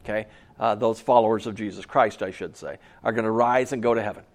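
A man preaching a sermon as pastor in a church, animated and joking with his congregation between scripture readings. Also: on the low side, fast talker. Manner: lively preaching with jokes aside to the congregation.

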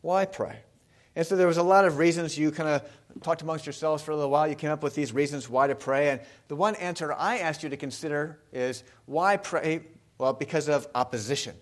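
A man's voice: on the high side, a little fast. A male pastor giving a sermon in a conversational way, often putting questions to the congregation.

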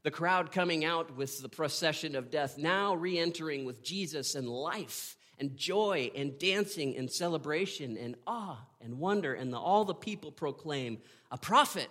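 A man preaching a sermon, retelling a story with earnest drama, pausing and asking "right?". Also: on the high side, fairly bright tone. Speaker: pastor.

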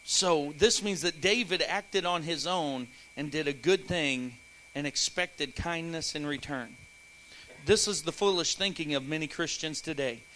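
A man preaching a sermon in church, animated, acting out voices and breaking into playful asides. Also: a little high, measured pace, slight background noise, rough recording. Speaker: pastor.

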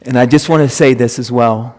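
A man's voice: medium pitch, steady tone, fairly quick, a little mellow. A male pastor delivering an emphatic sermon, repeating phrases for stress. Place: church sanctuary. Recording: long reverb of a church hall.

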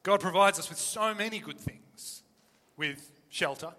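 A man preaching an animated, emphatic sermon full of rhetorical questions. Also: high voice, a little slow, long reverb tail.

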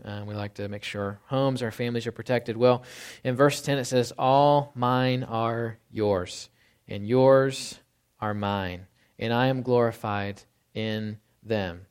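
A man preaching a sermon in a relaxed, conversational way, often checking in with "right?" and slowing down to read scripture. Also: mid-range voice, clean tone. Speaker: pastor.

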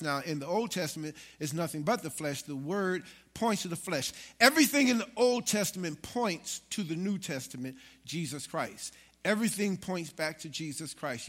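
A man preaching a lively sermon, with asides to his congregation. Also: a little high. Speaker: pastor.

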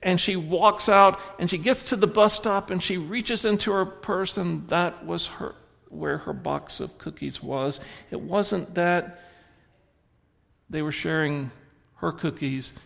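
A man delivers a sermon in a church sanctuary, his voice sitting a little higher than most men's. He tells stories, swinging between quiet, reflective passages and lively, animated moments. A long reverb trails each phrase. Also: slow, gravelly. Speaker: pastor.

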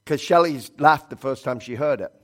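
A man preaching a conversational sermon as pastor in church, swinging between loud emphasis and quiet asides. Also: mid-range voice, moderate pace. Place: church sanctuary.

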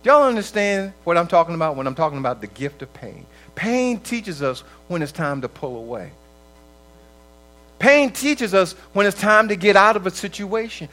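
A man's voice: high voice, expressive, normal speed, sharp tone, faint music behind, poor audio. A man preaching a conversational sermon, acting out quoted voices and laughing often.

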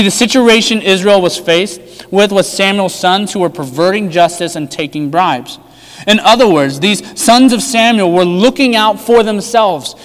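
Emphatic preaching man, high voice. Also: big-room sound. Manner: emphatic preaching with rhetorical questions, swinging between loud and hushed. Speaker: pastor. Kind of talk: sermon.

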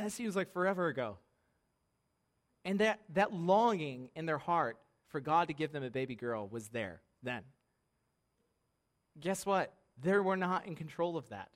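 Animated man preaching a sermon. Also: a little high. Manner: conversational, animated, laughing, many tag questions. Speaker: pastor. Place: church sanctuary.

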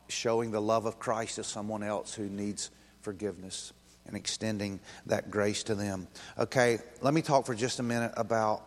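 A man's voice: fairly low pitch, big-room sound. A man preaching a sermon in a casual, conversational way, acting out quoted voices and chuckling as he goes. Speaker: pastor.

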